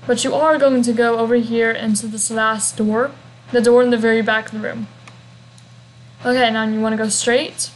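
A young woman with a slightly high voice narrates a game walkthrough casually, rambling chattily with hums and asides. Her delivery is flat at a moderate pace, and the low-quality recording carries a faint hiss.

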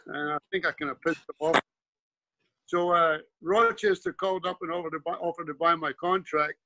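Scottish guest in his 70s; high, forceful tone; chatty storyteller full of restarts. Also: steady tone, moderate pace, no room sound, poor audio. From Scotland. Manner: rambling anecdotes with frequent restarts and "you know". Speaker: guest, former pro player and coach. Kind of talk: casual storytelling interview.

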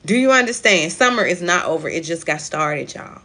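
A woman with a lowish, pushed, bright voice and lively intonation speaks at a moderate pace, with slight background noise. Leading a live spiritual card reading, she's emphatic and repetitive, preaching in African American Vernacular phrasing.

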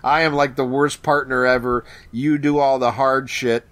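A man's voice: medium pitch, level tone, normal speed, fairly bright tone. A man co-hosting a podcast in casual chat, rambling and cracking crude jokes. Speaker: podcast co-host.

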